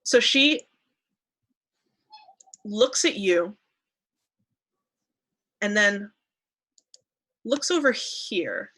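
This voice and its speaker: A woman's voice: mid-range voice, animated, drawn-out words, long pauses, a bit bright, poor audio. A woman narrating a tabletop game as game master, casual and hesitant, on an online call.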